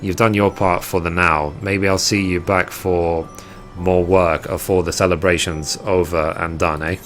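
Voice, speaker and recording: A man reading out a gruff rough-spoken quest giver. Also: low-pitched, little pitch movement, unhurried, a bit bright, faint music behind. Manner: plain read-aloud delivery with blunt slang.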